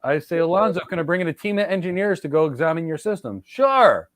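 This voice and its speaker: A man's voice: on the high side, quick pace, no room sound. A middle-aged man hosting a podcast, giving career advice in an emphatic, lecturing way and often addressing listeners directly. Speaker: podcast host and cloud architecture mentor. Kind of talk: energetic advice talk.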